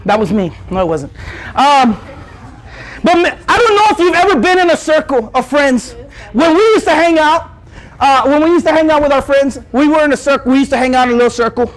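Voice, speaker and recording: High-voiced young preacher, animated and jokey. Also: male voice, low-quality recording. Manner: animated, jokey, rising to shouts. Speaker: youth pastor. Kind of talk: youth sermon.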